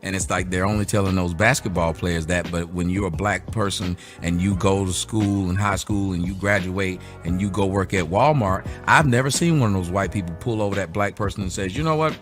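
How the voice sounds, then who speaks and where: A man hosting an interview, talking in a relaxed, easygoing way that turns animated when he jokes. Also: low-pitched, a little fast, hardly any pauses, faint music behind. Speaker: host. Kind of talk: casual interview.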